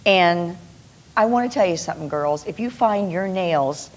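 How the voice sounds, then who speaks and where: A woman's voice: fairly low pitch, animated, normal speed, darkish tone. A woman co-hosting a local TV talk show, folksy and friendly, chatting casually and giving tips to viewers. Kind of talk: casual chat.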